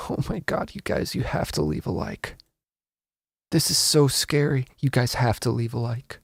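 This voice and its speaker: Male host, gravelly voice, dry close mic, rambling mock-serious tutorial with frustrated swearing. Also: mid-range voice, animated, normal speed, dry recording. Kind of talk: casual comedic screen-recorded tutorial.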